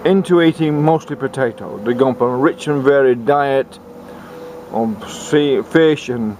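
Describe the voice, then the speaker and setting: A man telling a comic tall tale in a rambling, halting way, often restarting his sentences. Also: mid-range voice, darkish tone, a little hiss or hum. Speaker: storyteller. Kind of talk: comic folk storytelling.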